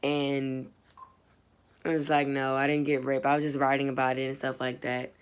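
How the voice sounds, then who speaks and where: A woman's voice: extremely low pitch, level tone, normal speed, smooth. A young woman, a student, casually telling a personal story, chatty and full of fillers, acting out what people said. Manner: chatty, full of "like" and fillers, acts out quoted lines.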